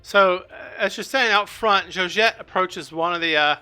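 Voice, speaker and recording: A man's voice: high-pitched, normal speed, bright, forceful tone, clean tone, faint music behind. A man narrating as game master of a tabletop game, hesitant and full of fillers.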